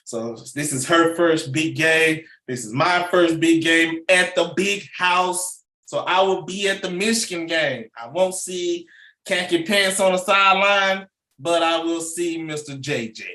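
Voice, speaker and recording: A middle-aged man hosts a casual sports show, rambling from point to point with lively slang. His voice sits a bit high. The room around him is echoey. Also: measured pace. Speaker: sports channel host.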